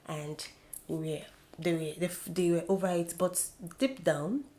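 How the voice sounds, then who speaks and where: A woman's voice: lowish voice, unhurried. A young woman vlogging about a reality show in an opinionated, gossipy chat. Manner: chatty, opinionated, animated gossiping. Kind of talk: casual chat.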